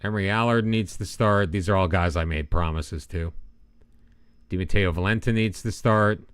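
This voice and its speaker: A man with a low, smooth and resonant voice gives casual gameplay commentary, thinking out loud and poking fun at himself. His pitch swings freely up and down as he talks, and the recording is close and dry with no room sound. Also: moderate pace, dry recording. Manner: rambling, talks to himself, self-deprecating. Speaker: gaming channel host.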